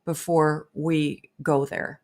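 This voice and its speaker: An older woman co-hosting a marriage podcast, speaking earnestly and warmly, often speeding up into quick asides. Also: low-pitched, little pitch movement. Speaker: co-host. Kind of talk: casual podcast chat.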